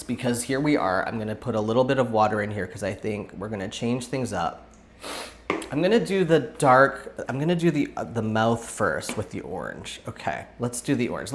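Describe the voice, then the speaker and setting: A man's voice: medium pitch, slight background noise. A man hosting a casual craft vlog, talking on in a rambling, thinking-aloud way, picked up by a camera set back across the table. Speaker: vlog host. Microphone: camera set back at a distance on the table.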